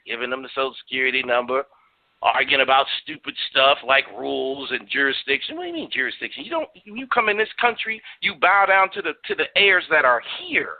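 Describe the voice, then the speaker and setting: A man's voice: on the high side, narrow, tinny audio. A man hosting a radio talk show, preaching and cursing in a stream of rhetorical questions.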